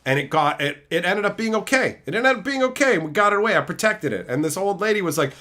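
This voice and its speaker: A man streaming, answering his chat and telling stories in a loud, profane, laugh-filled way. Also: sits high, quick pace. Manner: animated, profane storytelling with frequent laughter. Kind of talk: casual livestream chat.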